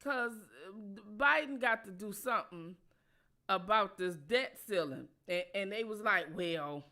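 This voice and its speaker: Bright-voiced woman ranting casually. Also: medium pitch, lively intonation, unhurried. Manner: profane, repetitive, emphatic. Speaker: channel host. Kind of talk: casual political commentary.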